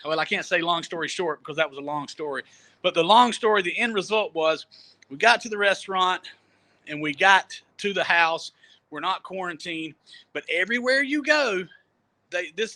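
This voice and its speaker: A man telling a travel story in a casual, animated way, often laughing and repeating words as he goes. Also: high voice, moderate pace. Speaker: storyteller guest. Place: Jamaica.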